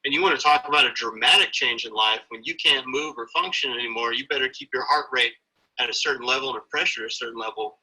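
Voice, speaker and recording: A man with a husky, bright and forceful voice speaks earnestly in an interview. He sounds motivational, pressing his points about fatherhood and health. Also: medium pitch, fast talker, poor audio. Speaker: guest, father. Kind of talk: interview conversation.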